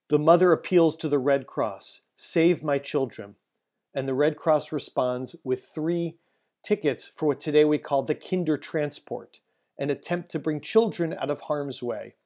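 A man, a rabbi, giving a solemn Holocaust history presentation, telling a family story and slowing down for emphasis. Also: mid-range voice, darkish tone.

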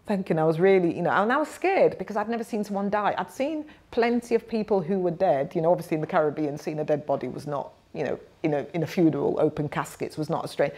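A woman in her fifties with a low voice tells her stories reflectively. She is animated and acts out the people she quotes. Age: 50s. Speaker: guest, nursing professor. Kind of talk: reflective storytelling.

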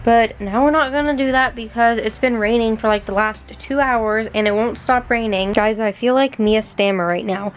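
A woman's voice: fairly high pitch, moderate pace, few pauses, faint music behind. A young woman vlogging at home in her bedroom, chatty and gushing, with lots of "like" in her speech. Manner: gushing and excitable, heavy use of "like". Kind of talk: casual vlog chat.

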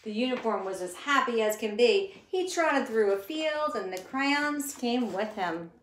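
A woman teacher reading a picture book aloud in a gentle, expressive way, talking to her listeners as she goes. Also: fairly high pitch, a little slow. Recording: echoey room with faint noise.

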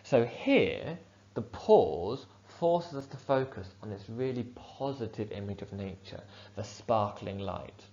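Male teacher, low voice, steady explanatory delivery, dull-sounding recording. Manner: clear, measured explanation with fillers. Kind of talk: poetry analysis lesson.

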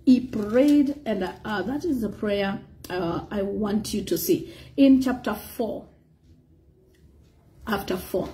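A woman preaching a sermon, animated, slipping Swahili phrases in among frequent praises to God. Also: medium pitch, slow.

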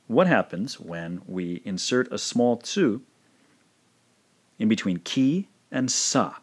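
A man narrating a recorded language lesson, speaking slowly and carefully and repeating each pronunciation. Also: fairly low pitch, very animated, breathy edge. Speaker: language teacher.

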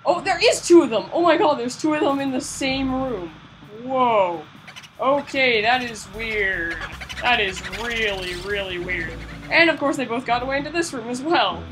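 A woman's voice: on the high side, lively intonation, a little slow, background noise. A woman giving casual, chatty gameplay commentary, often self-mocking and urging herself on. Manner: chatty, self-mocking, repeats "come on" under pressure. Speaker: video game let's-player.

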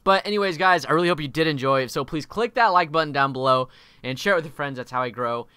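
A young man narrating an animated storytime video in an exaggerated, swearing, animated way. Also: fairly high pitch, fast talker, clear, resonant tone, no echo, clean studio sound. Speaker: YouTube storyteller.

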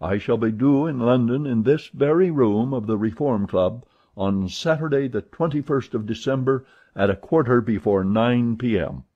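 A man voicing a calm, precise English gentleman who speaks in a measured, composed way, with a husky voice on a dull recording. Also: fairly low pitch.

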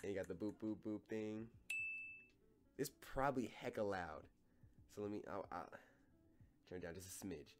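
Rambling young man gaming on camera, lively pitch. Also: normal speed, long pauses. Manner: joking, rambling, talks to viewers as his children. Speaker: gaming YouTuber. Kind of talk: casual gameplay commentary.

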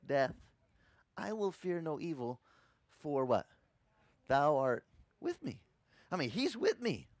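Pastor guy preaching, lots of ups and downs in his voice, slightly high, dry sound. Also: slow, long pauses, no room sound. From Sicilian family. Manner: animated storytelling preacher, asks the congregation questions. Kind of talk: sermon.

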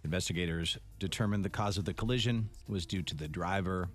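Low-voiced male radio co-host. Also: brisk, faint music behind. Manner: reads news items in a plain storytelling way, then jokes. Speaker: radio show co-host reading the news story. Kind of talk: casual radio banter.

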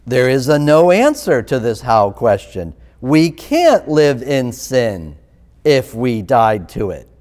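Pastor, male, unhurried and emphatic sermon delivery with animated pitch swings, recorded in a reverberant sanctuary. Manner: emphatic, repeats rhetorical questions. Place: church sanctuary. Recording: long reverb of a church hall.

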